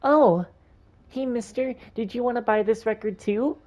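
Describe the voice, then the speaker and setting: A man's voice: very high-pitched, moderate pace, a little mellow, voice pushed up. A man voicing a polite, eager young girl who practises piano in a video game. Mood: bright, eager. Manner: chirpy and polite.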